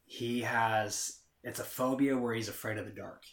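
A man's voice: mid-range voice, fairly even intonation, normal speed. A man talking in a casual chat, rambling with lots of filler words and casual swearing. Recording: roomy echo.

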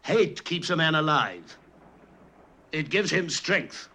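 An actor playing a stern, middle-aged Roman naval commander who speaks in a measured, commanding way in a classic film. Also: male voice, a little high, sing-song, bright, forceful tone, heavily acted.

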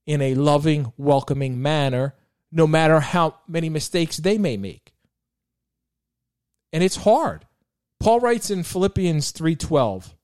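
A man with a slightly higher-pitched voice, recorded close and dry with no room sound. He talks as a podcast host, telling stories from family life and drawing faith lessons from them in an earnest, heartfelt way, often restarting his sentences as he goes. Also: darkish tone, no echo. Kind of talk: reflective faith talk with personal stories.

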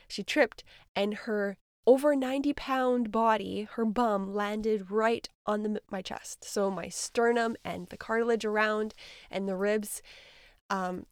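A woman in her thirties hosting a spiritual podcast, talking in an earnest, hesitant way with many fillers, sometimes dropping to a soft near-whisper. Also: mid-range voice, dry recording, studio quality. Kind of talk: casual reflective monologue.

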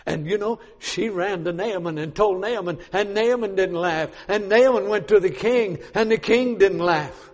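A high-pitched preacher delivers an emphatic sermon, rising to shouts and then dropping to hushed asides. His voice rings through a large church with a long reverb. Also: moderate pace, lo-fi sound.

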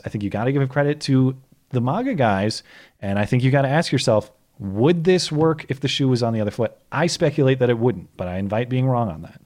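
A man co-hosting a casual political chat podcast, talking in a measured, hedging way that invites being proven wrong. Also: mid-range voice, a little mellow. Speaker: podcast co-host.

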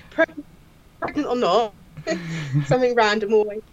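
A woman, a crime scene investigator, telling funny work stories in a casual, animated way and often laughing. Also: a little high, takes it slowly, a little hiss or hum. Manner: animated, laughing storyteller who acts out quotes. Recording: slightly dull lo-fi audio.

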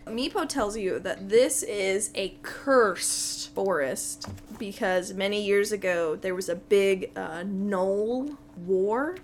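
A woman's voice: mid-range voice, slow pace, a little hiss or hum. A young woman narrating as game master in a casual, rambling way full of fillers.

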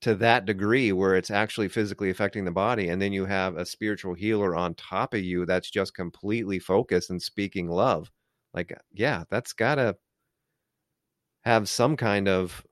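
A man's voice: sits low, normal speed, no echo, studio quality. A man co-hosting a casual discussion, rambling and full of filler words. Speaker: podcast co-host.

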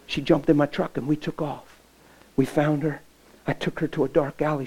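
A pastor preaching a sermon with stories, impassioned and folksy, swinging from loud to hushed. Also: male voice, on the high side, slightly rough, rough recording. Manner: folksy, plain-spoken. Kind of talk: sermon with storytelling.

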